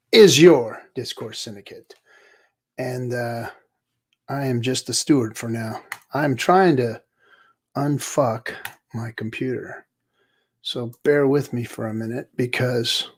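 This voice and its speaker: A man hosting a livestream, casually talking and muttering to himself while he struggles with his computer. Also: mid-range voice. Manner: pirate-themed greeting. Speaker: livestream show host.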